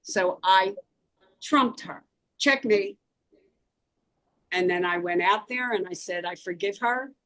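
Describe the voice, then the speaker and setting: A woman's voice: mid-range voice, slow pace, long pauses, a bit bright, dry recording, low-quality recording. A woman from South Philadelphia with a Philadelphia accent, a guest author telling an intense personal story in an emphatic way. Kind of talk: interview storytelling.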